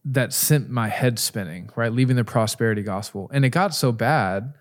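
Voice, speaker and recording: A man in middle age talks with a candid, lively storytelling manner, full of asides and quick turns. His voice sits at an ordinary middle pitch for a man, easygoing and conversational. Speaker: podcast host. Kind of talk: casual conversational interview.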